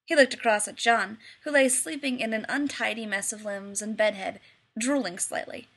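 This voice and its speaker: A woman's voice: a little high, fairly even intonation, moderate pace, a bit bright. A woman narrating a story expressively in an audiobook reading.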